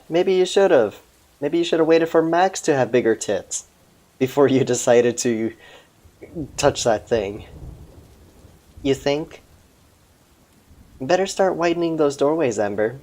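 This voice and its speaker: A man's voice: mid-range voice, animated, unhurried, pauses often, a little mellow, natural voice. A man voicing a sarcastic young female cat in a game, teasing and indignant.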